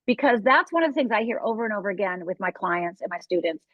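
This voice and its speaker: A woman's voice: mid-range voice, animated, fast talker, no echo. A woman coach in an interview, talking emphatically and acting out anxious inner voices, often asking "right?". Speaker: fear coach guest. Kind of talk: interview conversation. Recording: dull lo-fi call audio.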